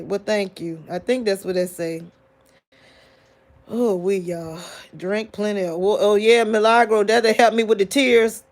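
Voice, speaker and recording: A grieving woman hosting a live chat with her viewers, tearful and soft-spoken, often sighing and drawing out her exclamations. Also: medium pitch, fairly even intonation, a little slow. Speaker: livestream host talking to viewers.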